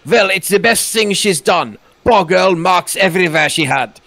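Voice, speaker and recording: A man voicing a cranky, hostile elderly Dutch neighbor in a mock German accent, scolding loudly during a game playthrough. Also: high voice, animated, moderate pace, creaky, soft background music, pitched above the performer's own voice, full character voice. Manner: scolding, loud. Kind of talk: let's play voice acting.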